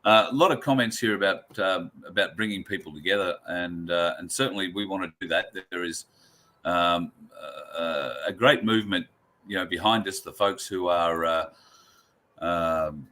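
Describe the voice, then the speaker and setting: A man hosting a talk show interview, speaking in a measured way with some hesitant fillers. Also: deep voice, bright, forceful tone. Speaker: host.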